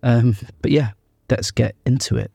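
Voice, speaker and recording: A man's voice: mid-range voice, fairly even intonation, normal speed, creaky, dark tone, husky, no room sound. A young man, hosting a podcast and chatting casually, rambling with lots of ums and fillers. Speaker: podcast host. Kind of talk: casual podcast intro chat.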